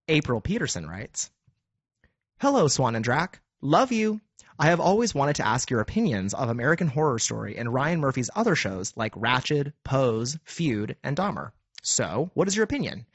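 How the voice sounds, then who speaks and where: Man reading fan mail, playful put-on inflections, lively pitch, dry muffled sound. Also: a little fast, dry recording. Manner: playful, puts on the letter writers' inflections. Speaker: producer reading listener mail. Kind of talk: reading listener letters aloud.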